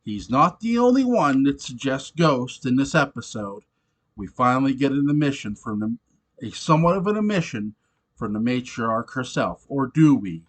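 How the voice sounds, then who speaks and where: A man casually reviewing a TV episode, animated and swearing often, laughing between points. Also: mid-range voice, moderate pace. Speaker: show reviewer.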